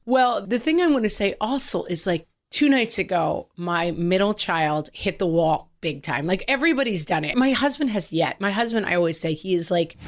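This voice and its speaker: A woman in her forties co-hosting a podcast in casual chat, telling stories with lively acted-out quotes. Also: lowish voice. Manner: animated storytelling, quoting family in character. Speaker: podcast co-host.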